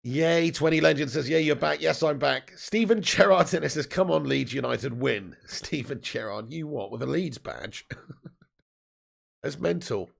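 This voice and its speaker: A man in his thirties hosts a live football watch-along stream, chatting casually and reading out viewer messages. His voice has a heavy gravelly fry and sits a little high for a man. He laughs often and swears freely. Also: lively intonation, measured pace.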